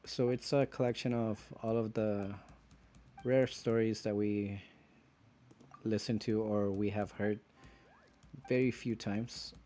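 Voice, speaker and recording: Male streamer, low and dark-toned, unhurried, rambling philosophical commentary. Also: little pitch movement. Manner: rambling, philosophical, halting phrases. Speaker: gaming streamer. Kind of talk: reflective gameplay commentary.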